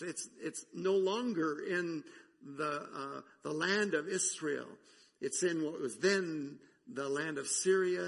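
A man delivers a sermon in a conversational manner, pausing often to reflect. His voice is slightly high, with a husky, gravelly edge. Long reverb hangs around each phrase. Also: a bit bright. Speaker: pastor.

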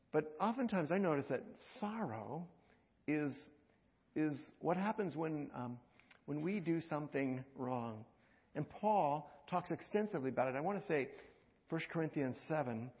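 A man preaching a conversational sermon, repeating words and swinging from loud, urgent passages to hushed ones. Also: on the high side, gravelly, in a large hall, highs cut off. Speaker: pastor.

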